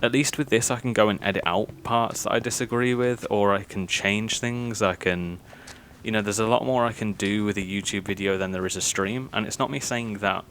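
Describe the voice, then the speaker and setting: Rambling young man, low voice. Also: fairly quick. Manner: rambling, hesitant, many fillers. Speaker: gaming YouTuber. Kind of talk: casual commentary over gameplay. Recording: steady background noise.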